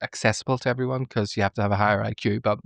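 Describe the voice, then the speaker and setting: Male podcast co-host, casual and animated, laughs often; dry close sound. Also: fairly low pitch, rapid-fire, gravelly, dry recording. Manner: lively recapping with frequent laughs and acted-out quotes. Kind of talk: casual reaction podcast chat.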